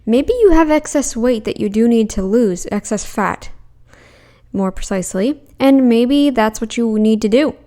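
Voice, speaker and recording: Woman, reaction commentary, argumentative, sarcastic, higher-pitched voice. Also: animated, unhurried, dark tone. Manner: blunt, argumentative, mocking; puts on mocking voices when quoting others. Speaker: commentary channel host.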